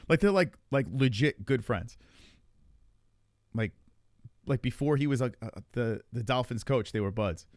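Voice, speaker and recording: In clean, echo-free studio sound, a male podcast host with a medium-pitched voice talks at a measured pace, pausing often. He retells stories loosely and animatedly in casual chat, swearing freely.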